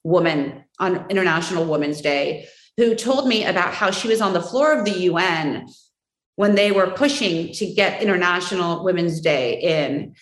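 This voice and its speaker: An echoey, low-quality recording captures a lowish-voiced guest, a woman in her forties, answering interview questions casually. She sounds warm and heartfelt and turns emotional fast.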